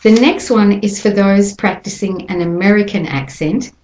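A woman teaching English pronunciation, speaking carefully and modelling words slowly for listeners to copy. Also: mid-range voice, darkish tone, echoey room, rough recording. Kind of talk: slow instructional lesson with repeated examples.

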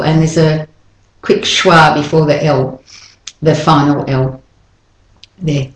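A woman leads a pronunciation lesson, speaking slowly and carefully as she models each word and says it again. Her voice sits a little low and sounds roomy, as if recorded in an echoey space. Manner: demonstrates words slowly, repeating them. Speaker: English accent teacher.

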